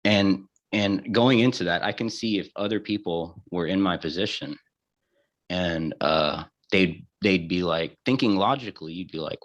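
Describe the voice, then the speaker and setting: Low-voiced guy rambling through a story, lots of restarts, muffled lo-fi sound. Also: a bit bright. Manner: halting, full of restarts and quoted dialogue. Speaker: guest. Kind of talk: casual storytelling. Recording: dull lo-fi audio.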